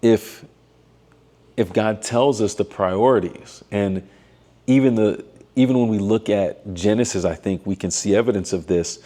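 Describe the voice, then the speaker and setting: A man with a low, mellow voice gives a reflective talk on faith. He speaks in a thoughtful, measured way, pausing on fillers and restarting his sentences as he works through an idea. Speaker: doctoral student and missionary vlogger.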